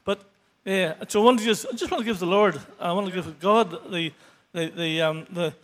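A man giving an unscripted church testimony, halting and earnest. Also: sits high, a bit bright. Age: 60s. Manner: halting, many restarts and fillers; earnest, grows emotional toward the end.

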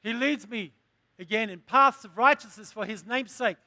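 A man's voice: very high voice, moderate pace, bright, forceful tone, no room sound. A man preaching a sermon, asking the congregation questions and building to emphatic lines. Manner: call-and-response preaching, rising to emphatic.

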